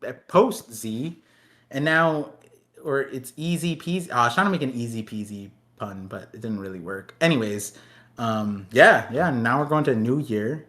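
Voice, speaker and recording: A man in his thirties co-hosts a casual podcast chat in a medium-pitched, fairly bright voice. He rambles, laughs often, and throws in quick jokey asides.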